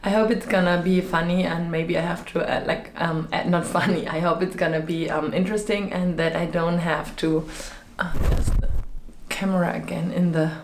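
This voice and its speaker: A woman's voice: lowish voice, fairly even intonation, normal speed, slight background noise. A woman who designs web themes, talking in a rambling, chatty vlog style with lots of fillers, her voice a little off after being sick. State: voice slightly off after illness. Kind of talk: casual vlog chat. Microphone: microphone with fluffy windscreen. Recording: echoey room.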